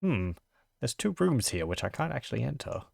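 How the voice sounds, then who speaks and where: A man's voice: medium pitch, big pitch swings, a little fast, vocal fry, a little mellow, no echo. A man playing a retro role-playing game and chatting casually with wry asides. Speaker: let's play gamer.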